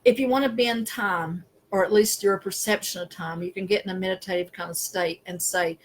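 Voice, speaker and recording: A woman's voice: medium pitch, fairly even intonation, fairly quick, hardly any pauses, slight background noise, low-quality recording. Chatty woman spiritual consultant on a call. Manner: chatty, self-deprecating, laughs often, trails off. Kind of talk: casual chat. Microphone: video call.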